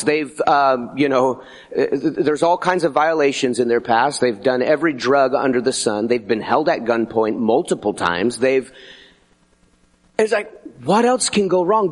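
A middle-aged man preaching a sermon as pastor, animated and conversational, slipping into acted asides. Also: medium pitch.

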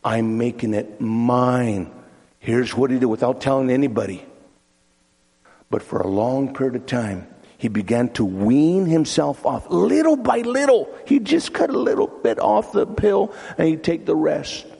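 A man's voice: mid-range voice, lively intonation, normal speed, gravelly, dark tone, breathy edge. A man preaching a sermon in a church, telling a story with acted-out voices and repeated words. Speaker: pastor. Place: church sanctuary. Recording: long hall reverb.

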